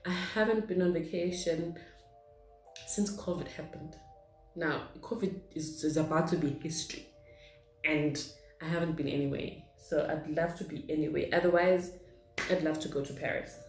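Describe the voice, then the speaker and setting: A woman's voice: deep voice, normal speed. Chatty woman, echoey room. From South Africa. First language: Zulu. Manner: chatty, rambling, reads questions aloud then answers. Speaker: vlogger. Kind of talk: casual get-to-know-me Q&A. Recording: echoey room with faint music.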